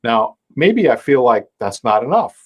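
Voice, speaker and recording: A man's voice: medium pitch, sing-song, measured pace, breathy edge, muffled recording. A man teaching a live online music lesson on timing. He explains things patiently, counts beats aloud, scats rhythms and sings short bits of a folk song while he plays. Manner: explains timing with counting, scatting and sung demonstrations over his own playing. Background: his own dulcimer playing.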